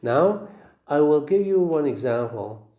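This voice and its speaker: A man teaching phonetics in a recorded lecture, explaining slowly and repeating himself, often checking in with "okay?". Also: fairly high pitch, animated, mellow, roomy sound. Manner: slow, repetitive explaining with frequent "okay?" checks.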